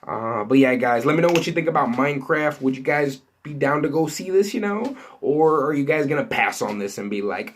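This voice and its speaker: A man chats loosely with his viewers about movie news, circling back on his sentences and leaning on fillers as he goes. His delivery is casual and unscripted, like someone thinking out loud to the camera. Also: medium pitch, normal speed, slight background noise. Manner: rambling, many fillers and restarts, lots of "you know" and "like". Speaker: entertainment news vlogger.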